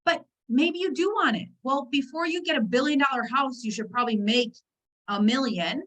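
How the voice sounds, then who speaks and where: A high-pitched woman leads a motivational team training over a video call. She talks in a chatty, animated way and keeps breaking off into asides to her listeners. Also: normal speed, low-quality recording. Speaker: network marketing team trainer.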